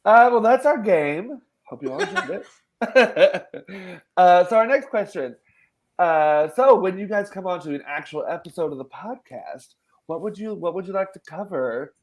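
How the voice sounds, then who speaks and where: Male podcast host, casual and giggly, with an expressive up-and-down delivery. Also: sits high, normal speed. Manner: animated, laughing, quotes himself in voices. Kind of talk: casual chat.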